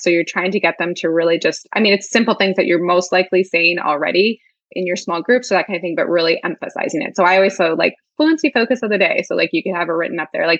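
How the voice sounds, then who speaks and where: A woman's voice: fairly low pitch, fast, a bit bright, dry recording. A woman guest explaining teaching ideas in a chatty way, with lots of filler "like"s. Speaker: guest literacy educator. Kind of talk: casual conversational interview. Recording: dull lo-fi dry sound.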